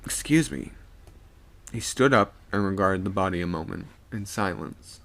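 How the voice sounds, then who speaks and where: A man's voice: deep voice, steady tone, normal speed, pushed and bright. A man streaming live, reading a ghost story aloud and voicing its characters.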